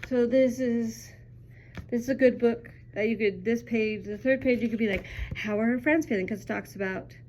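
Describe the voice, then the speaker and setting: A woman's voice: on the high side, steady tone, moderate pace, a little mellow, a little hiss or hum. A young woman teacher chatting casually through a children's book review, upbeat and full of ums.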